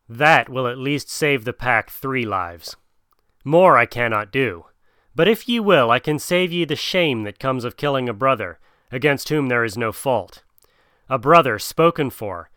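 A man's voice: medium pitch, pushed and bright, clean tone, no echo, clean studio sound. A man voicing a weary old male wolf who leads the pack, speaking with dignity. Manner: dignified, pleading.

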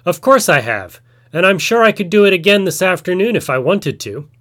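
A man's voice: on the high side, expressive, moderate pace, natural voice. A man voicing a lazy, boastful male spider trickster who feigns weakness, in a told folk tale.

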